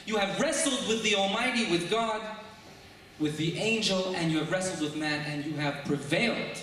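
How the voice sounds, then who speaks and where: A man preaching a sermon as a rabbi, telling stories and posing rhetorical questions with measured emphasis. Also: high voice, fairly bright tone, slight background noise. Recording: echoey hall, mic far off.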